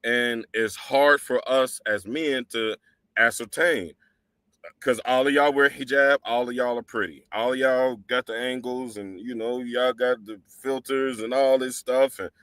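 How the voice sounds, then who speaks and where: A man's voice: medium pitch, steady tone, unhurried, a bit bright, clear, resonant tone, dry recording. A man hosting a livestream who lectures casually but emphatically, speaking straight to women in his audience and quoting and explaining Arabic scripture. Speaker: religious livestream host.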